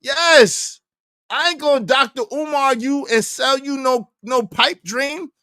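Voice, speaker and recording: A man hosting a livestream, ranting in a heated, animated way and repeating his points. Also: very high-pitched, measured pace, no room sound, studio quality. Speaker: livestream host.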